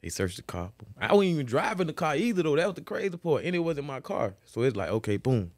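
A man's voice: fast, dry recording, clean studio sound. Profane storyteller man. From Florida. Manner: profane, animated storytelling, repeats "boom" as a beat. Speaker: guest, former football player. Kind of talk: casual storytelling interview.

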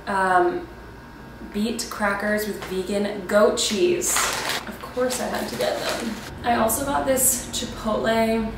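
Chatty young woman vlogging, roomy and distant. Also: mid-range voice. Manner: chatty, upbeat, filler-heavy. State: out of breath. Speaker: lifestyle vlogger. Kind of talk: casual vlog chat. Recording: echoey, distant from the mic, with background noise.

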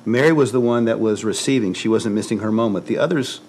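A man's voice: on the low side, fast talker, a little mellow, slight background noise, rough recording. A man, a pastor, giving a conversational sermon in an earnest way, repeating words for emphasis.

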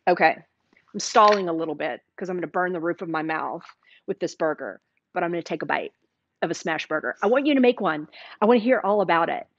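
A woman's voice: fairly low pitch, lively intonation, fast, no room sound, highs cut off. A woman with a Southern US accent hosting a live cooking stream, chatty and enthusiastic, sometimes talking with her mouth full. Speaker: cooking show host. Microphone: sits with a microphone.

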